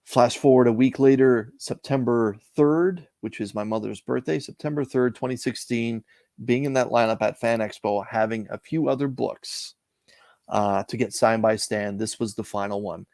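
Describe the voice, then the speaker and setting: A middle-aged Canadian comic collector, appearing as an interview guest, tells stories in a casual interview. His gravelly, mid-range voice is a little mellow, recorded dry and close with no room sound. He speaks in a measured, reflective way with frequent "uh" pauses.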